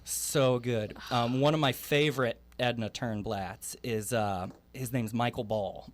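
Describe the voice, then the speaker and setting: A man's voice: medium pitch, steady tone, a little slow. Chatty enthusiastic man, trumpet player. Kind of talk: casual interview chat.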